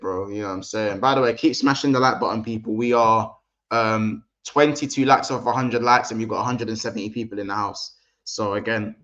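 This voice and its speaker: A man's voice: fairly low pitch, fairly bright tone, muffled recording. A man hosting a casual football livestream, chatty and slangy, talking straight to his viewers. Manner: chatty, slangy, addresses the chat directly. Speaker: livestream host.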